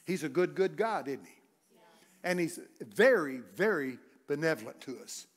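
An older man preaching a humorous sermon, telling folksy stories and breaking into loud shouts. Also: fairly high pitch, sing-song, moderate pace, breathy edge. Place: church sanctuary.

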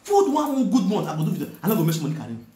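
A man's voice: sits high, wildly swooping pitch, racing, mellow, echoey room. A man speaking with a Nigerian Pidgin accent, scolding someone directly in a repetitive, confrontational rant. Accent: Nigerian Pidgin English. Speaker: online video presenter. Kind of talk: ranting direct-to-camera message.

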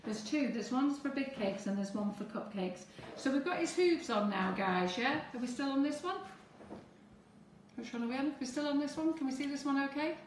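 A woman's voice: high voice, moderate pace, recorded from a distance, slight background noise. A woman teaching cake decorating on a live stream, chatting to viewers as she works through each step. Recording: echoey room, away from the mic.

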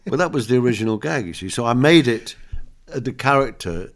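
Older comedian guest, low and animated, a chatty storyteller acting out gags. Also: male voice, moderate pace, background noise. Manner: chatty storyteller, laughs often, acts out jokes. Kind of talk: anecdotal interview chat.

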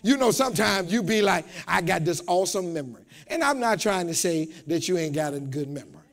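A man preaches a sermon, speaking straight to his congregation and asking them to answer back. His voice sits high and swings widely in pitch. He repeats words and climbs from quiet asides to shouted peaks. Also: expressive, brisk. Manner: call-and-response preaching, rising to shouts. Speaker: pastor. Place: church.

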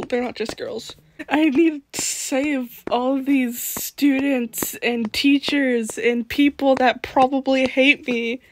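A woman with a high-pitched voice hosts a gaming channel, giving casual gameplay commentary and giggling as she talks to the characters in her game. There's slight background noise.

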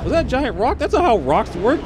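A man giving loud, excitable commentary while playing a video game, full of exclamations and laughter. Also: very high voice, brisk, noisy background. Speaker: gaming streamer. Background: game music.

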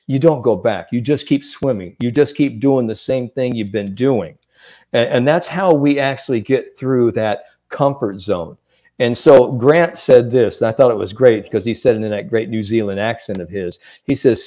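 A man's voice: medium pitch, moderate pace. A man who is a sports psychologist, giving mental coaching advice in a podcast chat and acting out the people he quotes. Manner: animated storyteller, acts out quotes.

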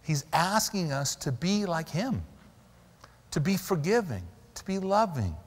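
A male pastor delivers an animated sermon with a fairly high voice and a very lively melody. He drives his points with sudden loud stresses. His voice carries a long reverb from the church hall. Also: measured pace. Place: church sanctuary.

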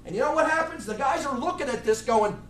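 A man's voice: extremely high pitch, expressive, quick pace, fairly bright tone, slight background noise. A middle-aged man preaching a blunt, fiery sermon with many restarts. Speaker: pastor. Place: church sanctuary. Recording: echoey room, mic far off.

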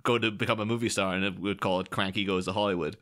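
A man co-hosting a casual podcast, enthusiastic and quick to laugh, often restarting his sentences. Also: sits low, steady tone, a bit bright.

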